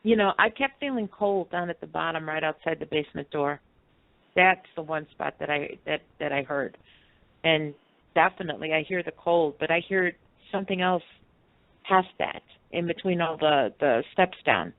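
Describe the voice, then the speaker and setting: A woman's voice: low-pitched, normal speed. A woman co-hosting a radio talk show, chatting casually and a little hesitantly. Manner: hesitant, with fillers and restarts. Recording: tinny phone-like line.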